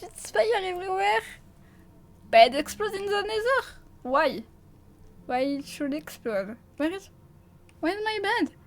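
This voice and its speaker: A woman with a French accent giving live gameplay commentary as a streamer, jumpy and stammering, swearing and laughing often. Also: high-pitched.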